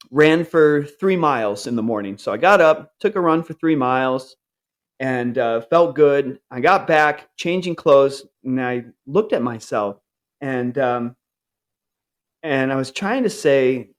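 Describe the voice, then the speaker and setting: A man in his forties shares a candid personal story with earnest sincerity, slipping into a higher voice to act out his upbeat self-talk. He's animated but takes his time.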